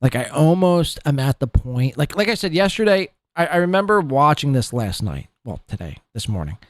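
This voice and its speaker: A man rants through podcast commentary, his voice sitting a little high. He is profane and scornful and rambles from point to point. The sound is dry and close, with no room in it. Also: very animated, normal speed, dry recording. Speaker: podcast host. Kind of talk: ranting commentary.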